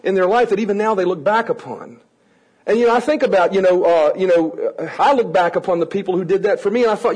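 A man with a high, husky voice leads a lively training session for a live audience. He talks in a playful, energetic way, teasing people and coaxing them to join in. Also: fast talker, low-quality recording. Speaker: children's ministry trainer. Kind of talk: lively teaching talk to an audience.

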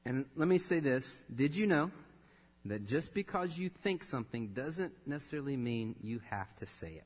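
A man in his thirties preaching a sermon, telling a personal story with laughter and animated delivery. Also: mid-range voice, normal speed. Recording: long reverb of a large hall.

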